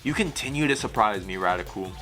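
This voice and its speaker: A man voicing a soft-spoken older male chef who speaks in a low, hushed and sincere way, in comedic dating game voice acting. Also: lively intonation, fast talker, soft background music, rough recording. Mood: tender.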